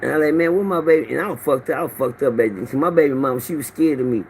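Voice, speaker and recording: A middle-aged man races through a rambling livestream in a mid-range, slightly mellow voice, with a little hiss or hum present. He greets viewers by name and tells loose, profane stories into his phone.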